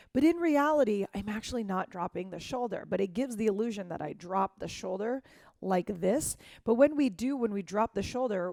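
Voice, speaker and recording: A woman's voice: medium pitch, darkish tone, dry recording. Woman dance teacher, encouraging, counts out beats, dry close sound. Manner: encouraging, counts beats aloud and scats rhythms. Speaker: dance instructor. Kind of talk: dance class instruction.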